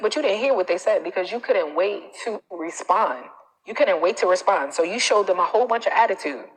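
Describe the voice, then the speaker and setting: A woman confidence coach giving advice on a live stream, emphatic, repeating her points and tagging them with "okay?"; she acts out other people's quoted lines in a higher voice. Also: expressive, quick pace, breathy edge, big-room sound, low-quality recording. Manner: emphatic, repeats phrases, frequent "okay?" tags.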